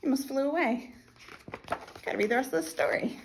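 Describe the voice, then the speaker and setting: A woman's voice: high voice, a little fast, noisy background. An American woman working as a children's librarian, reading a picture book aloud and acting out animal sounds in a playful way.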